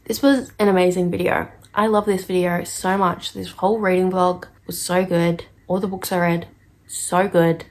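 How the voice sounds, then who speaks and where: Gushing, excitable woman book vlogger. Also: lowish voice, moderate pace. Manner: gushing and excitable, repeats herself, laughs often. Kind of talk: casual reading vlog chat.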